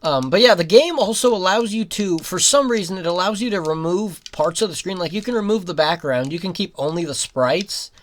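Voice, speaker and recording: A young adult giving rambling let's-play commentary, breaking into giggles and sudden loud outbursts at the game. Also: medium pitch, animated, a little fast, hardly any pauses, slight background noise. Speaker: gaming commentator.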